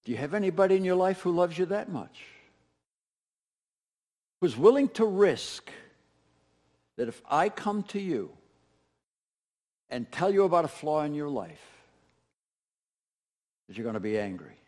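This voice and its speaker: A man's voice: a little high, big pitch swings, a little slow, long pauses, a little mellow. A man preaching a sermon as pastor, talking conversationally and directly to his congregation, often repeating phrases for emphasis. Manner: conversational, speaks straight to the congregation with repetition.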